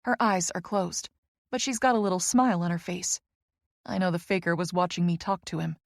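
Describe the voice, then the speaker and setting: A woman narrating a first-person romance audiobook with lively, expressive storytelling. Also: fairly low pitch, a little fast, creaky, dry recording, clean studio sound.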